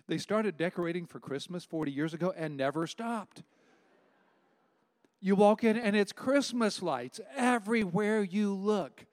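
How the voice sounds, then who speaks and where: A man's voice: on the high side, darkish tone. A man in his sixties preaching a sermon, firing emphatic rhetorical questions and mixing in folksy personal stories. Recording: long reverb of a large hall.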